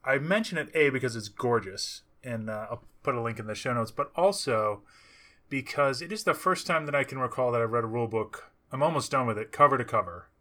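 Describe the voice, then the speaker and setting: A man's voice: medium pitch, a little fast, bright, forceful tone. A man chatting enthusiastically as a podcast co-host. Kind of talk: casual podcast chat.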